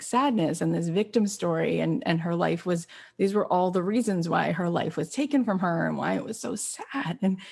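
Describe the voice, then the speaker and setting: A woman podcast host on a group call, telling personal stories in an animated way with lots of "like" fillers. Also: fairly low pitch, creaky. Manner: animated, acts out quotes, many "like" fillers. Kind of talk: emotional storytelling in casual chat.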